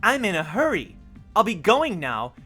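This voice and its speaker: A streamer voicing a creepy, detached girl who talks in a slow, lifeless monotone while reading game dialogue aloud. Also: medium pitch, faint music behind.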